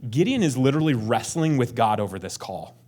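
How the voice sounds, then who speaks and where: A man's voice: medium pitch, animated, fairly quick, a little mellow. A male pastor preaching a conversational sermon, acting out prayers in a raised voice and dropping to a near whisper for emphasis.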